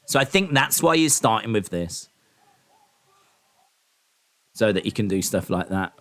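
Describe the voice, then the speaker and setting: A man's voice: on the low side, big pitch swings, unhurried, a bit bright. A man hosting a casual live stream, talking in a rambling, opinionated way with lots of ums and restarts. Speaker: live-stream host reacting to wrestling and boxing.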